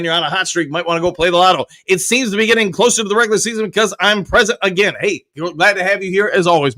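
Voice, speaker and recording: Male livestream host, high voice, bright and sharp tone, casual and upbeat, whoops now and then. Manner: upbeat, chatty, throws in loud whoops. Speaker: show host. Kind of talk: casual livestream chat, reading viewer comments.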